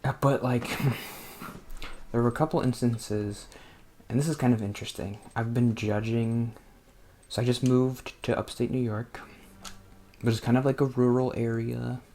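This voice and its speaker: A man's voice: mid-range voice, fairly even intonation, moderate pace, pauses often, dark tone, a little hiss or hum. A man from New Jersey giving casual, rambling gameplay commentary, hesitant and full of fillers, muttering to himself at the game. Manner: rambling and hesitant, with many fillers and self-interruptions; mutters at the game under his breath. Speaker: let's play host.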